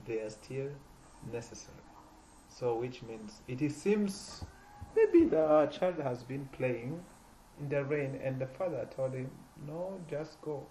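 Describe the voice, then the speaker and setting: Halting man teaching a poetry lesson. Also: warm tone, slight background noise, rough recording. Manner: halting, repeats and restarts words, stresses words with rising pitch. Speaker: literature teacher.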